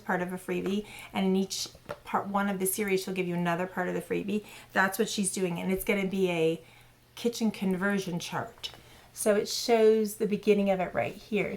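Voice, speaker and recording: Chatty woman with a gravelly voice. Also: mid-range voice. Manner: chatty, rambling with many fillers and self-corrections. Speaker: cross-stitch channel host. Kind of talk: casual show-and-tell chat.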